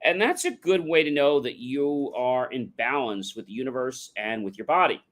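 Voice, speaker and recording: An emphatic man delivers a motivational talk, addressing his audience directly and chanting catchphrases repeatedly. His medium-pitched voice is animated and fairly bright, with a moderate pace.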